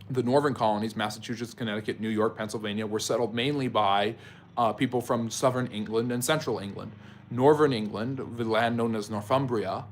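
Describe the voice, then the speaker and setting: A man's voice: fairly low pitch, slight background noise. A man hosting a live history Q&A stream. He answers viewers by name and explains at length, with frequent ums and self-corrections. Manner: talks directly to chat viewers by name. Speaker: history channel host.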